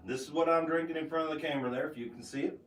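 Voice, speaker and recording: A man giving a casual tasting review of bourbon, talking with halting restarts and fillers. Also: a little high, steady tone, echoey room, distant mic. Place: home basement room.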